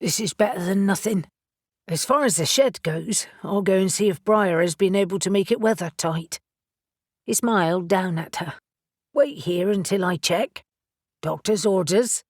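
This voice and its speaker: A woman's voice: mid-range voice, normal speed, darkish tone, dry recording, lightly acted. An easygoing young male surfer witch with a breezy, joking manner, read by a woman narrating an audiobook. The recording is dry and close.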